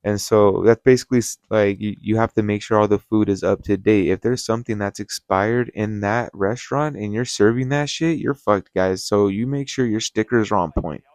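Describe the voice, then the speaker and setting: Low-voiced man telling a heated story. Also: normal speed, few pauses, no room sound. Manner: profane, heated, animated storytelling, addresses viewers as guys. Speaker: restaurant manager. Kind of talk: casual storytime vlog.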